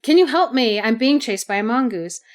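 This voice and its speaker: Woman voicing a frightened snake heroine, storybook, begging and high. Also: animated, normal speed, lightly acted. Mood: pleading. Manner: pleading, urgent. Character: frightened female cobra pleading for help.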